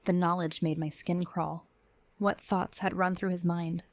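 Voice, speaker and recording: Woman reading a scary story first person, lowish voice, dry close sound, tense and measured. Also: level tone, no echo. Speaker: narrator. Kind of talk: scripted first-person horror narration.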